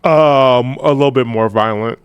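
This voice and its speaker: A man's voice: mid-range voice, moderate pace, clear, resonant tone, no echo, lo-fi sound. A man co-hosting a casual reaction video, joking, laughing often and swearing casually. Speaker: co-host reacting to a show.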